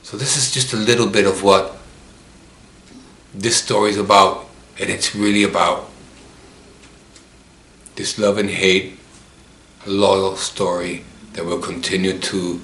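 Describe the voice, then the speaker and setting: Man from chicago, very deep voice, earnest, tearful, echoey room, faint hiss. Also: flat delivery, slow, long pauses, fairly bright tone. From Chicago, USA. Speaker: author telling his life story. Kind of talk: emotional personal monologue.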